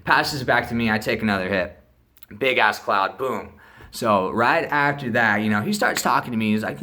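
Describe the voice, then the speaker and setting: Young male storyteller, animated and crude, bright tone, does the voices. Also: medium pitch, moderate pace. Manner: animated, profane, mimics voices and sounds. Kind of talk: casual storytime vlog.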